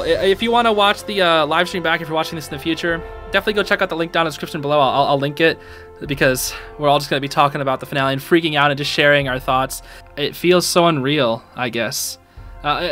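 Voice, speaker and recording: A man giving a casual, excited reaction to a show's episode, full of slang and calling the listener dude and bro, and a bit emotional about it. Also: on the high side. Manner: emotional, a little teary. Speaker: YouTube show reviewer.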